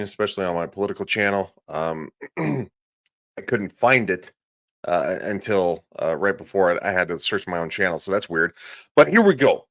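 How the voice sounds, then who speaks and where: A man hosting a live stream, casually commenting with quick, self-deprecating reactions. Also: low-pitched, fairly bright tone.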